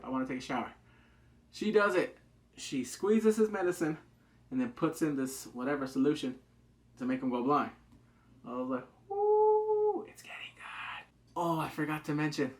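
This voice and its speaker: A man giving a casual, excitable recap of a TV drama, acting out the characters' lines in quick asides. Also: on the high side. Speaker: TV drama reviewer.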